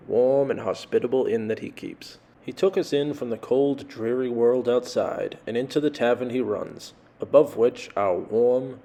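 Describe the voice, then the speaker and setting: A man's voice: medium pitch, mellow. A man reading a scripted travel story in a dry, sardonic way. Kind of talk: scripted narration.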